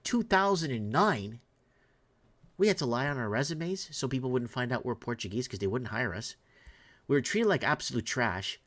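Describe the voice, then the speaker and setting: A man's voice: mid-range voice, fairly bright tone. A middle-aged man, commenting in an impassioned rant, indignant and heated with frequent restarts. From Canada.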